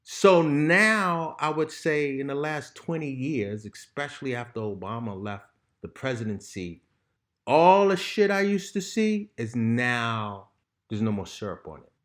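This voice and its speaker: A man's voice: mid-range voice, expressive, unhurried, fairly bright tone. A man talking candidly as a podcast guest, blunt and heated, with frequent swearing. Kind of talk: raw candid conversation. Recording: roomy echo.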